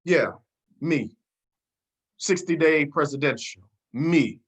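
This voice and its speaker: A man giving a motivational speech on a sales team call, preacher-like and emphatic. He repeats his key words, drops to a hush, then rises to a shout, and asks his listeners to answer back. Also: a little high, takes it slowly, husky.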